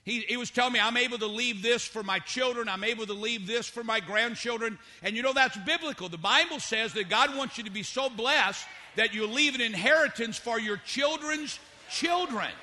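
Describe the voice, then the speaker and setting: A middle-aged male pastor preaching a sermon and calling on the congregation to shout amen. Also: very high-pitched, normal speed, hardly any pauses. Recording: long hall reverb.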